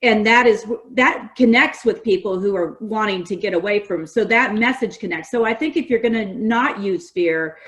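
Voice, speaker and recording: A middle-aged woman from California, a guest on a podcast, talking in a lively, story-driven conversational way. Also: medium pitch, moderate pace, few pauses. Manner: animated storyteller, quotes others in lively voices. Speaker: guest, gas industry association representative.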